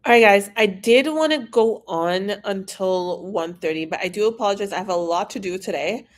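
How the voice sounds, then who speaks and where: At a normal speed and medium pitch, a woman from Iran answers questions from viewers in a frank, relaxed live stream. She is an immigration consultant and reads each question aloud first.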